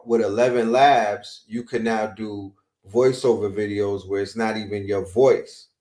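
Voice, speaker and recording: A man's voice: on the low side, fairly even intonation, a little slow, a little mellow, roomy sound. A man co-hosting a livestream, talking in a rambling, slangy, emphatic way. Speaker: guest co-host. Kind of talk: casual chat.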